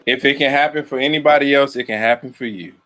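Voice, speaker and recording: A man's voice: medium pitch, quick pace, sharp tone. A man on a casual podcast panel, teasing and joking and laughing often.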